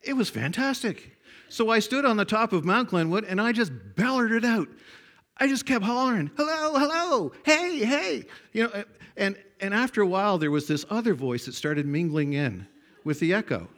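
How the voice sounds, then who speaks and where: An older man preaching a sermon, telling folksy stories that swing from hushed to loud. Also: high voice, lively intonation, normal speed.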